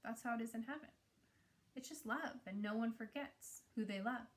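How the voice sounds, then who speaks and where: A woman voicing a tired, loving mother who soothes her son in a hushed, comforting way. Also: on the high side, normal speed, natural voice. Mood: soothing, tired.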